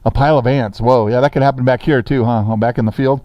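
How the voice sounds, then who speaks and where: A man's voice: mid-range voice, fairly even intonation, fast, darkish tone, no echo. A man teaching a sixth grade grammar lesson in a classroom, talking casually and checking in with the students often.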